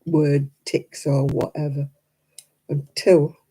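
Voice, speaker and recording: A woman's voice: low-pitched, little pitch movement, slow, warm tone, husky, rough recording. A middle-aged woman from England, chatting casually to camera at home and laughing often. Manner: chatty, laughs often, mimics other accents. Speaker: vlogger. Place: quiet room at home.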